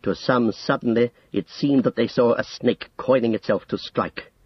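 A man narrating an audiobook in a steady, even storytelling delivery. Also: mid-range voice, normal speed, husky. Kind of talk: scripted narration. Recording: dull lo-fi audio, dry.

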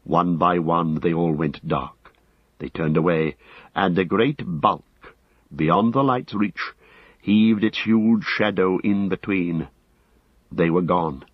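A man reading a fantasy novel aloud, measured and dramatic. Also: low-pitched, slightly rough, dry recording. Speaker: audiobook narrator. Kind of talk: scripted fantasy narration. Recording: slightly dull dry recording.

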